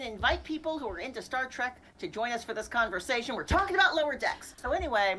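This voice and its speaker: A woman with a fairly high voice co-hosts a casual livestream chat. She talks in animated bursts, laughs often and tosses off quick asides. A faint hiss of noise sits behind her. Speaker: co-host.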